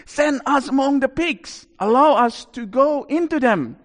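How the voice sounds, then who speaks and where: A shrill, pleading demon legion, put on by a man. Its cries are high and strained, with a long hall echo around them. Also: moderate pace, fairly bright tone. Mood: begging.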